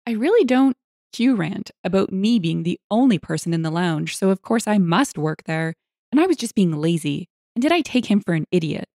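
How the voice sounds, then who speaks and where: A woman narrating internet stories aloud, with lively, expressive storytelling. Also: mid-range voice, moderate pace, dry recording, studio quality.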